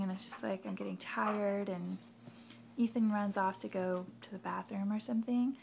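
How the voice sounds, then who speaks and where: A woman's voice: medium pitch, fairly even intonation, normal speed, gravelly, darkish tone, slight background noise. A young adult woman vlogger telling a rambling story in a casual way, full of fillers and asides.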